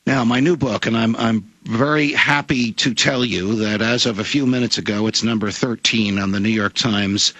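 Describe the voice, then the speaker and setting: Impassioned gravelly man. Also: fairly low pitch, normal speed, hardly any pauses, fairly bright tone, no room sound, rough recording. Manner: oratorical, emphatic, lawyerly cadence. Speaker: radio guest, former judge and author. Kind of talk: impassioned talk radio argument.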